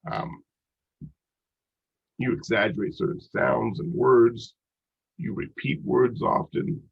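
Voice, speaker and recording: A man's voice: mid-range voice, slow pace, creaky, slightly rough, muffled recording. A man teaching a recorded college psychology lecture, talking conversationally with frequent ums and restarts.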